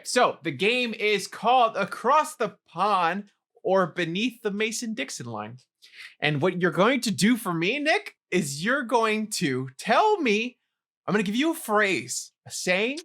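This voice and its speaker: A man's voice: sits high, big pitch swings, a little slow, sharp tone. A young man co-hosting a podcast and running a trivia game, amiable and laughing easily. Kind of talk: casual podcast chat.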